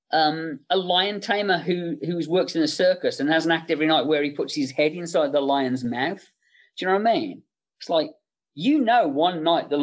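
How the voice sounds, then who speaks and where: A middle-aged man who works as a special make-up effects artist, a podcast guest telling anecdotes with self-interruptions and chuckling asides. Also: fairly high pitch.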